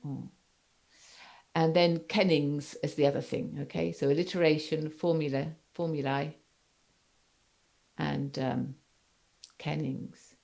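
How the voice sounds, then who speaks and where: A woman teaches a literature class online in a deep voice with plenty of vocal fry. She works her ideas out aloud, restating them and pausing to ask whether her students follow. She sounds like a lecturer thinking on her feet. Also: steady tone, darkish tone. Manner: explanatory, rephrasing points and checking in with "okay?". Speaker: university lecturer.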